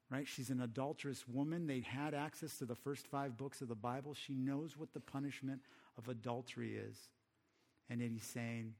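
A man's voice: medium pitch, fairly even intonation, normal speed, a little mellow. A man preaching a sermon in a conversational way, often putting rhetorical questions to the audience.

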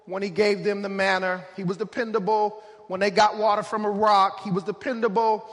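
High, bright-voiced preacher in a reverberant hall. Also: male voice, level tone, fairly quick. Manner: preaching with rising, shouted emphasis and repeated refrains. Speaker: pastor. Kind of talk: sermon.

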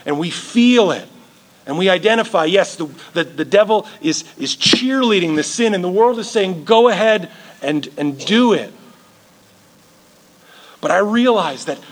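A male pastor preaching a sermon in a church, earnest and repeating words as he builds his points. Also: fairly high pitch.

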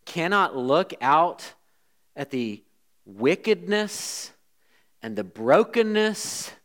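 Male pastor, fairly high voice, sermon delivery with big shifts between loud emphasis and quiet asides. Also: sing-song, drawn-out words. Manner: dynamic preaching, swinging between loud emphasis and hushed asides.

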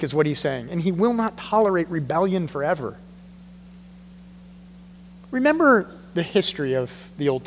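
Guy preaching in a church, high-ish voice, really animated, acts out the quotes, big echoey hall. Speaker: pastor. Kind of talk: sermon.

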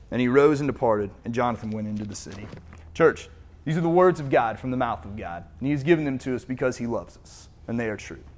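A man's voice: mid-range voice, darkish tone. Man preaching a casual sermon. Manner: reads scripture then retells it in casual modern speech. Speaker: pastor. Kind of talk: sermon with scripture reading.

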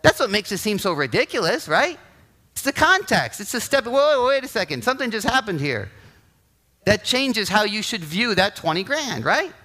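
Animated, bright-voiced male preacher. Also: high voice, normal speed. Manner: animated storytelling, acting out quotes, frequent "right?". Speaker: pastor. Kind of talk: sermon.

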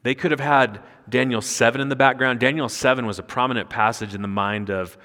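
A man's voice: medium pitch, steady tone, fairly quick, pushed and bright. A man preaching an expository sermon as a pastor, explaining a passage and rising sharply when he quotes scripture. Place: church sanctuary. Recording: long hall reverb.

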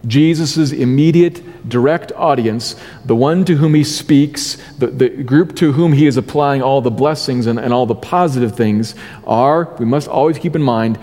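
Male pastor, warm mellow voice, mid pitch, measured sermon delivery, long hall reverb. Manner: deliberate, stresses key words, slows for scripture.

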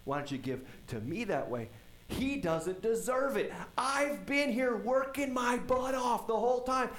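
A man's voice: very high-pitched, expressive, a little slow, a bit bright, roomy sound, pitched above the performer's own voice, full character voice. A man voicing a jealous, resentful older brother who complains indignantly.

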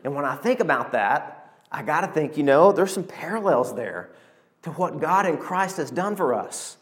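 A man, preaching a sermon and telling stories with animated, emotional delivery. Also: a little high, moderate pace. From Arkansas, USA. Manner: animated storytelling preacher, emotional, calls to the congregation. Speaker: pastor.

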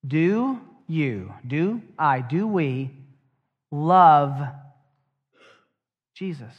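Middle-aged male pastor, slightly higher voice, conversational sermon with dry jokes, long echo, muffled recording. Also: big pitch swings, extremely slow. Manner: conversational, asks the congregation direct questions; wry asides and humor. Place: church sanctuary. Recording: dull, long church reverb.

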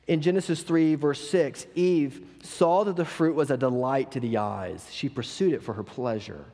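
A man's voice: on the high side, vocal fry, a little mellow. A man preaching a sermon as pastor, telling a story earnestly with some repeated words. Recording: long hall reverb.

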